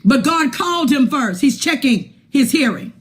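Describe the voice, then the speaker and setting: A woman bishop preaching a sermon, shouting in a rhythmic cadence with a grunted "uh" before many phrases. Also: high voice, animated, moderate pace. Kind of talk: shouted call-and-response sermon. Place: church service.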